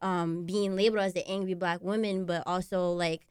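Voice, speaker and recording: A woman in her late twenties talks earnestly and with emphasis, pausing to reflect. Her voice is smooth and clear at a mid pitch. The recording is dry and close. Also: steady tone, darkish tone, no room sound. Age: 20s. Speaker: discussion participant. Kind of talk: casual podcast chat.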